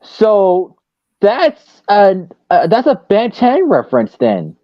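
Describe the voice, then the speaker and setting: A man hosting a casual online fan discussion, relaxed and hesitant, with many fillers. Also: high-pitched, slow pace, no echo, muffled recording. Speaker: stream host.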